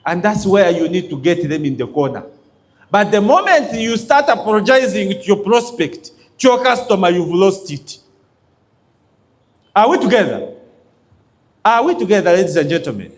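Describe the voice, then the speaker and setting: A man's voice: sits high, animated, moderate pace, long pauses. A man giving a motivational business talk to an audience, emphatic and checking in with his listeners. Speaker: business coach.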